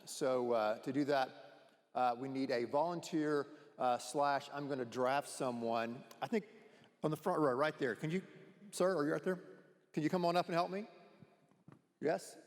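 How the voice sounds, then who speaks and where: A man's voice: on the high side, moderate pace. A man pastor giving a sermon, chatty and playful, laughing easily as he brings up a volunteer. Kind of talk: sermon with live audience participation. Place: large church auditorium. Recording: long reverb of a large church hall.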